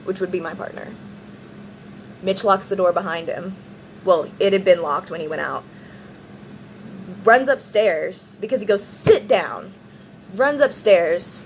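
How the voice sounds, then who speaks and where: A woman's voice: on the low side, measured pace, long pauses, a little hiss or hum, rough recording. A woman casually telling a long personal story in a vlog, rambling with lots of "like" and acting out what people said. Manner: rambling, animated retelling with many "like"s and acted-out quotes. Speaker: vlogger.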